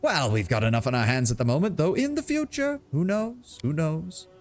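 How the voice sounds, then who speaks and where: A man's voice: a little high, very animated, moderate pace, faint music behind, pitched above the performer's own voice. Man doing a hearty frontier lord. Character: jovial burly male frontier lord, friendly and shrewd.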